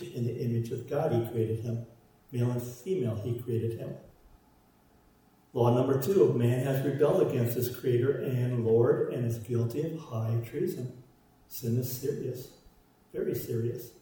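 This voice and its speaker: A man with a mellow, medium-pitched voice preaches at a normal speed, driving his points home with repeated parallel phrases. The recording sounds distant, with a roomy echo.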